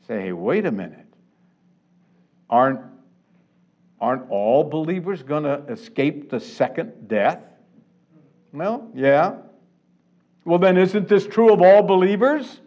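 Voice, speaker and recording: Emphatic preacher, a man with a higher voice. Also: a little mellow. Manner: emphatic, slows down and stresses key words. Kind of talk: expository sermon. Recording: dull lo-fi recording.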